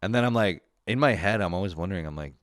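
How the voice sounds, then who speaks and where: Young man, podcast host, deep voice, dry sound, profane, laughing, mocking. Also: animated, fast, no room sound. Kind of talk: casual solo podcast rant.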